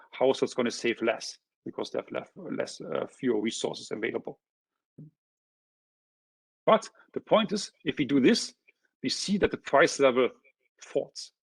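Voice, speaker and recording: A man presenting an economics seminar, walking through a figure step by step and often checking in with a quick "huh?". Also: mid-range voice, gravelly, slightly rough, dry recording. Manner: checks in with frequent tag questions. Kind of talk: academic lecture explaining graphs.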